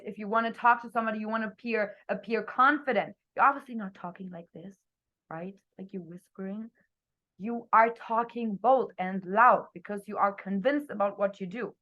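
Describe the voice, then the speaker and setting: A young woman coaching her team on a video call, talking energetically and expressively, her voice swinging between loud and soft. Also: mid-range voice, dull audio. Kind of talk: motivational talk on a group video call.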